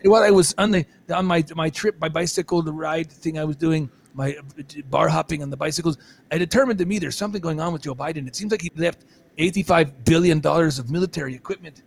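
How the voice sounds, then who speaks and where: A man with a notably high voice talks as a guest on a podcast. He rambles from point to point and jokes a lot. He restarts his sentences emphatically. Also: fast talker, creaky, a little hiss or hum. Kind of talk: excited podcast interview talk.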